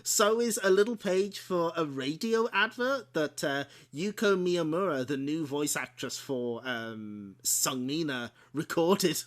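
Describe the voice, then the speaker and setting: A man's voice: fairly high pitch, unhurried, few pauses. A man hosting a game stream, chatting casually and laughing often as he shows off old game discs. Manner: chatty, giggly, self-correcting. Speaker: streamer host.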